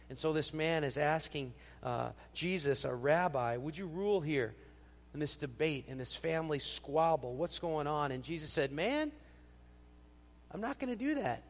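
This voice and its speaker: Male pastor, slightly high voice, expressive sermon delivery, long hall reverb. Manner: expressive, acts out quoted lines with rising pitch and emphasis. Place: church sanctuary.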